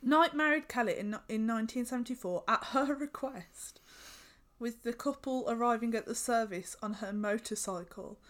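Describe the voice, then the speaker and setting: A woman's voice: a little high, normal speed. A woman co-hosting a podcast, reading a true-crime story aloud in a casual, giggly way and swearing freely. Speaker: podcast co-host.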